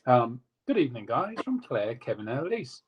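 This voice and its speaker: A man's voice: mid-range voice, big pitch swings, muffled recording, slight background noise. Man, casual live-stream co-host, jokey, reads chat messages. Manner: reads out viewer comments in a quick, jokey way.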